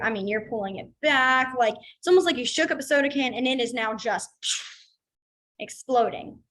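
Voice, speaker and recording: A woman's voice: a little high, fairly bright tone, poor audio. A young adult woman teaching a beginner sign language class in a casual, chatty way, full of fillers and acted-out asides. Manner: chatty, filler-heavy, acts out feelings in quoted asides. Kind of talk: casual online class instruction.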